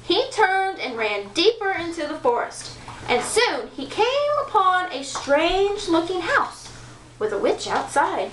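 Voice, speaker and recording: A woman reading a children's story aloud with playful, expressive narration. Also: very high-pitched, unhurried, slight background noise. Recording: echoey room from far off.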